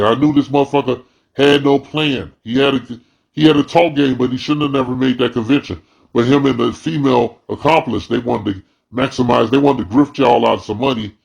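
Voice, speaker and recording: A man's voice: medium pitch, creaky, slightly rough. A man commentating in a blunt, profane, heated casual rant. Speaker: video commentator.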